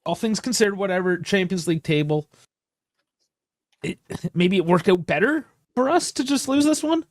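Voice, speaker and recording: A man co-hosting a casual sports podcast, laid-back and measured, laughing easily. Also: high-pitched, animated, dry recording, clean studio sound. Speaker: podcast co-host.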